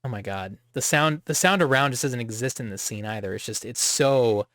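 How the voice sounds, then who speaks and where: A man's voice: normal speed, no echo, studio quality. A man co-hosting a podcast, chatting casually and animatedly about emotional moments in games. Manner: animated, laughing, jumps up in pitch on exclamations. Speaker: podcast co-host. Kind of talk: casual chat.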